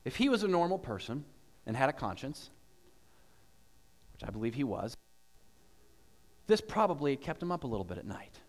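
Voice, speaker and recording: Man, pastor, sermon, very animated pitch, long hall reverb. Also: normal speed, long pauses. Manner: animated storytelling, asks the congregation questions. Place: church.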